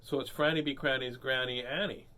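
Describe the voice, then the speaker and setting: A man's voice: medium pitch, fairly even intonation, fairly quick, sharp tone. A man reading a children's picture book aloud, breaking off for playful jokes and asides. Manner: playful, joking asides, voices characters. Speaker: storybook reader.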